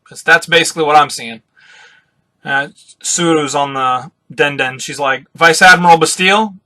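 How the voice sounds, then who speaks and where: A man doing a live reaction to a new comic chapter, reading it aloud and commenting in an excitable way, swearing freely. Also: mid-range voice, measured pace.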